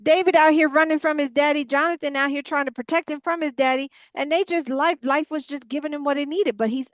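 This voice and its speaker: A middle-aged woman leads a Bible study in a candid group discussion, speaking bluntly and passionately and swearing without restraint. Her high voice moves fairly quickly with a fairly even intonation and hardly any pauses, recorded dry.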